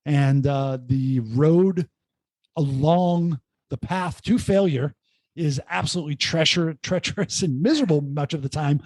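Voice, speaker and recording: A middle-aged man, an entrepreneur guest, telling his story in a casual podcast interview with animated, joking asides. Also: a little high, unhurried, no echo. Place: remote call.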